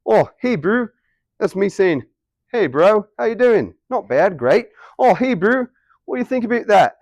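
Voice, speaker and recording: Chummy Kiwi guy, raised pitch, flat vowels, done by a male teacher. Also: a little slow, no room sound, full character voice. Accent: New Zealand (put on). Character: friendly New Zealand man greeting a mate.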